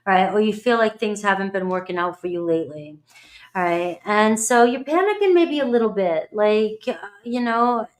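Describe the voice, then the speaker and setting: A woman's voice: mid-range voice, lively intonation, moderate pace. A middle-aged woman giving a casual, blunt tarot reading, chatty and swearing freely. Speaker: tarot reader.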